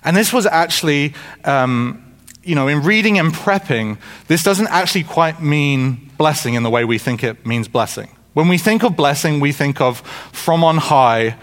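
A man's voice: on the high side, lively intonation, moderate pace. Casual, chatty male preacher. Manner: conversational and informal, with frequent restarts and asides; jokes with the congregation. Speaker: pastor. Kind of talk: sermon.

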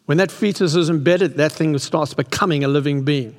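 A man's voice: a little high, a little fast. Impassioned man preaching in a hall. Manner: impassioned, rising to excited peaks. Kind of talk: sermon. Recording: long hall reverb.

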